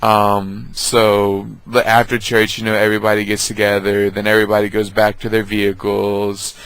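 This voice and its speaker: A man telling family stories on his vlog, casual and halting with many ums. His voice is low and fairly flat. The sound is dry and close. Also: clean tone, no room sound, rough recording. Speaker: vlogger. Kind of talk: casual storytelling.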